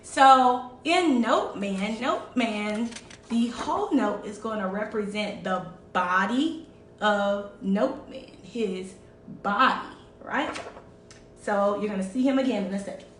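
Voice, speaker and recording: A woman's voice: mid-range voice, animated, slow pace, far from the mic, a little hiss or hum. A woman teaching a children's music lesson online, patient, checking in often with "all right?". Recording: echoey room, voice away from mic.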